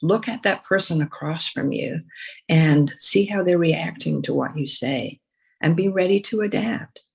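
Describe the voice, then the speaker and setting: An older woman from the United States, a veteran fundraiser, telling lively stories in a podcast interview with frequent restarts. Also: low-pitched, unhurried, creaky. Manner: storytelling, animated, many restarts and repeated words. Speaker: guest, former chief fundraiser.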